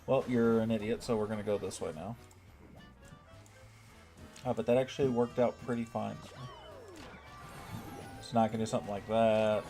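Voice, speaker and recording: A man's voice: lowish voice, fairly even intonation, moderate pace, long pauses, mellow, soft background music. A man from the United States streaming a strategy game, chatting casually and thanking viewers in chat by name. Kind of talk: casual livestream commentary.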